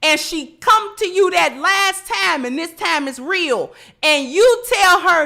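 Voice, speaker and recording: Slow, bright-voiced lecturing woman. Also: extremely high pitch, expressive, creaky. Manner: repetitive rhetorical questioning, lecturing. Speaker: online commentator. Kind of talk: livestream commentary.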